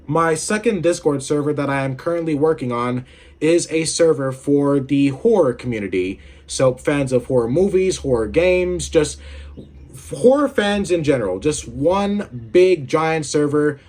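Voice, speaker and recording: A man's voice: medium pitch, a little mellow. A young man hosting a casual video game commentary, rambling and swearing with lots of filler words while feeling unwell with a headache. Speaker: gaming video host.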